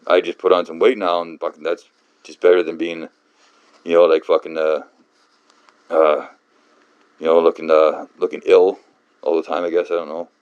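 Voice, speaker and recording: A man hosting a book channel, ranting off-script in a halting, rambling way, swearing often and mocking himself. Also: low voice, level tone, darkish tone, clear, resonant tone, no echo, muffled recording.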